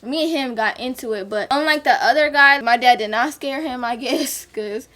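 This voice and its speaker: Young woman, kinda high voice, storytime vlog, super candid and animated. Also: moderate pace. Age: young adult. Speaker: vlogger. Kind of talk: storytime chat while doing makeup.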